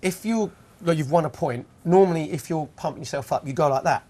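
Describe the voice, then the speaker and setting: A man on a comedy sports panel, bantering playfully and quickly. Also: fairly high pitch, dark tone.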